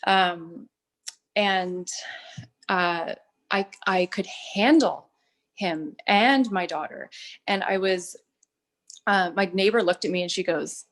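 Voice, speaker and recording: A woman in her thirties telling her personal story in a testimonial, earnest and halting, with many fillers and restarts. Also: fairly low pitch, fairly bright tone. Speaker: product testimonial speaker.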